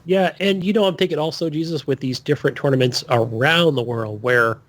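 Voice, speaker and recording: A man's voice: fairly high pitch, brisk. A man co-hosting a gaming podcast, easygoing, chatting and reading news aloud. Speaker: podcast co-host. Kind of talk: casual gaming podcast chat.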